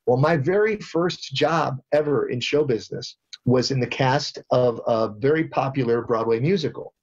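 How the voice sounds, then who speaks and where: A man, a cartoon voice actor, chatting in an interview with lively energy. His voice sits at a medium pitch. The sound is dull and lo-fi. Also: normal speed. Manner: lively, slips into impressions. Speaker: voice actor guest. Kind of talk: interview answers, storytelling.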